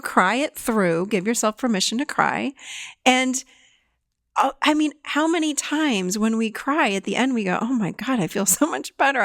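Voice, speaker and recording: Animated woman with a gravelly voice. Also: fairly high pitch, dry recording, studio quality. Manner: animated, laughs often, emphatic repetition. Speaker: podcast host and therapist. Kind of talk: conversational podcast talk.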